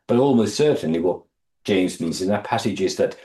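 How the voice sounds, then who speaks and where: A man with a lowish voice teaches a Bible study in an echoey room. He reads verses aloud, then unpacks them thoughtfully, often restarting his sentences and putting questions to his group. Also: animated, mellow. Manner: thoughtful, halting restarts, reads scripture aloud and quizzes listeners.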